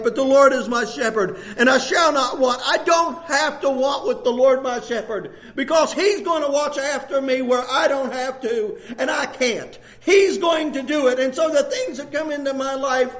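An older man in his sixties preaches with a lilt. His voice sits very high for a man, and he pushes his points with fervent repetition, building to shouted emphasis. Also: normal speed, few pauses. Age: 60s. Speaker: pastor. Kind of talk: sermon.

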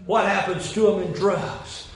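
Man preaching a sermon, really high voice, gets loud and fired up, lots of echo. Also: fairly even intonation, measured pace. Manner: impassioned, rising to shouted climaxes; folksy storytelling with repeated phrases. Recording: very echoey room with faint noise.

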